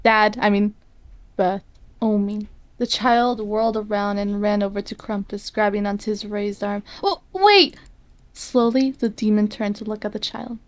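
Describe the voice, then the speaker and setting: A woman's voice: medium pitch, little pitch movement, moderate pace. Giggling woman reading fan fiction aloud. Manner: giggly, stumbles over words. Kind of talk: comic dramatic reading.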